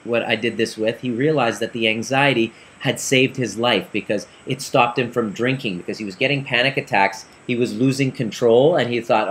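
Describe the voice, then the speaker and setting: A man telling a client story in an earnest, animated way, acting out the dialogue as he goes. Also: mid-range voice, moderate pace, hardly any pauses. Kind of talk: storytelling talk.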